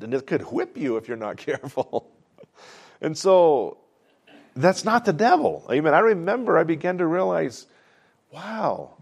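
A man's voice: mid-range voice, a little mellow. A man preaching a conversational sermon, telling stories and asking "amen?" along the way. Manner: conversational storytelling, frequent "amen?" asides. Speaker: pastor.

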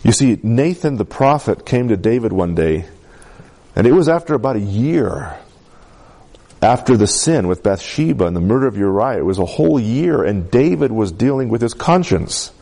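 At a moderate pace, a male preacher with a warm, mellow, gravelly voice delivers a conversational sermon in a sing-song manner, his pitch ranging widely. He frequently calls on the congregation for responses.

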